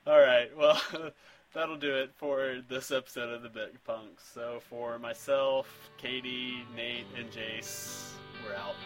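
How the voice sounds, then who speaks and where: A man's voice: mid-range voice, steady tone, takes it slowly, over music, poor audio. Regular-voiced guy wrapping up a podcast, rambly, lots of ums. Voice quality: rambling with fillers and chuckles. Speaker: podcast host. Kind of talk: casual podcast chat.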